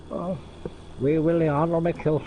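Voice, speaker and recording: A man's voice: a little high, dull audio, a little hiss or hum. A man joining a game stream as co-player, cracking jokes and laughing often. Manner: joking, quick to laugh. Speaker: co-player guest. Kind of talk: casual chat while streaming a game.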